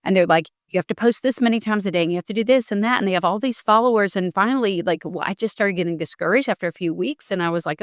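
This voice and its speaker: A woman comedian telling stories in a relaxed podcast conversation, earnest and chatty. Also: medium pitch, quick pace, few pauses, no room sound, studio quality. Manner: storytelling, earnest. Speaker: comedian guest. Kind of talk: casual podcast chat.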